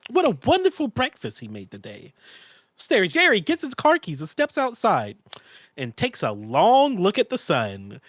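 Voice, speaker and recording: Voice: mid-range voice, huge pitch swings, moderate pace, no room sound, studio quality. An improv player narrating a goofy comedic story in a playful storybook manner.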